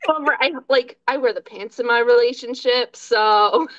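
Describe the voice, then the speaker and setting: A woman co-hosting a podcast, joking and halting in casual chat. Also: on the high side, fairly bright tone, dry recording. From Canada. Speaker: podcast co-host. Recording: dull lo-fi mic.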